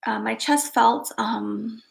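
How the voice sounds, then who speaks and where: A woman hosting a casual live stream, chatting to viewers and reading their comments, giggling often and drifting into soft asides. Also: a little high, slow pace, creaky.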